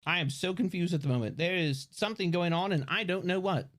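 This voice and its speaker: A man streaming live, chatting excitably, swearing and rambling with restarts into a desk microphone. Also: high-pitched, fairly quick. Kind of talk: casual live-stream chat.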